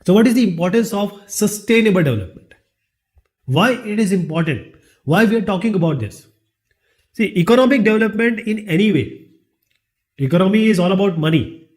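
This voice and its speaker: A man's voice: sits high, expressive, brisk, long pauses, darkish tone. A man with an Indian English accent teaching a lesson, asking rhetorical questions and then answering them himself. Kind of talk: classroom lecture.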